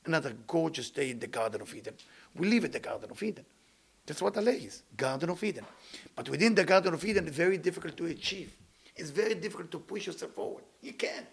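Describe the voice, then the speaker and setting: A man giving a motivational spiritual talk in English with dropped words, playful and animated, stacking words in long repeated lists. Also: a little high, fast talker, vocal fry. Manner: speaks non-native English with dropped words.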